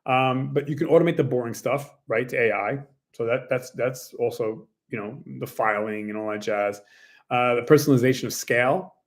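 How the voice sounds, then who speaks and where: Guy with a small tennis biz rambling to camera, lots of you know and um, keeps doing little quoted voices, normal middle pitch. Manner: rambling, filler-heavy, acts out quick quoted voices. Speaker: small business owner and tennis coach. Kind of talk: casual talk to camera.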